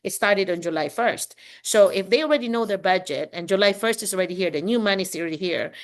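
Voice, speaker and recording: A middle-aged woman from the Philippines, chatting casually and quickly on a video call as a teacher and host. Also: mid-range voice. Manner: talks fast when excited, lively, with laughs.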